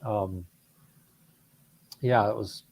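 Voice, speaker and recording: A man's voice: fairly low pitch, steady tone, very slow, gravelly, darkish tone. A man in casual chat with friends, telling stories with a chuckle, a new dad in his thirties. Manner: storytelling, chuckling.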